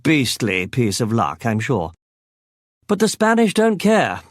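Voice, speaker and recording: A man's voice: mid-range voice, wildly swooping pitch, unhurried, dry recording. A man voicing a suave upper-class English male intelligence agent with a breezy, mocking manner in an audiobook. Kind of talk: audiobook character voice.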